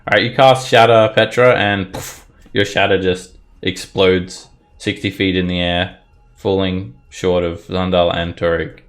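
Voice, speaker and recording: A man narrating a tabletop game as game master, playful and quick to laugh. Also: deep voice, level tone. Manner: playful, laughing narration with shouted character lines. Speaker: dungeon master.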